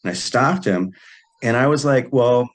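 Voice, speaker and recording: Man guest, mid-pitched, easygoing storyteller who acts out the quotes. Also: moderate pace. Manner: relaxed, acts out quoted dialogue. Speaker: podcast guest, psychic healer. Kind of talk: casual storytelling.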